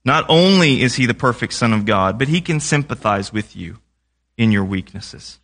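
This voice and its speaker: A man's voice: medium pitch, animated, moderate pace, fairly bright tone. A young man preaching a sermon in a conversational way, often asking the congregation questions.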